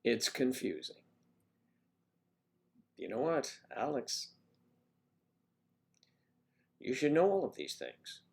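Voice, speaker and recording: A man's voice: mid-range voice, huge pitch swings, slow, creaky, a little mellow. A man hosting a casual livestream, rambling and chatting with viewers by name as he reads the chat. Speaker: livestream host reading chat.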